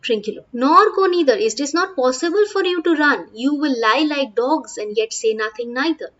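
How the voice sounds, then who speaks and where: A woman's voice: high-pitched, lively intonation, moderate pace, lo-fi sound. A woman with an Indian English accent, reading play lines aloud and explaining each one in plain words as a teacher. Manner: reads lines aloud, then paraphrases in plain English with frequent "uh" and "okay".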